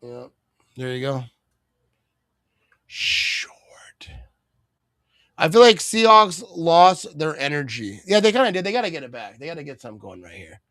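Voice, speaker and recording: A man hosting a live sports watch party, chatting casually, joking and reading viewer comments, breaking into excited play-by-play on big plays. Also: fairly high pitch, a little fast, no room sound. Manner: rambling, joking, reads viewer comments aloud.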